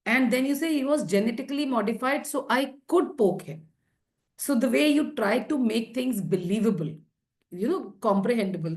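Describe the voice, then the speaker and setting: A woman from India giving encouraging feedback as a table topics evaluator in an online club meeting. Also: mid-range voice.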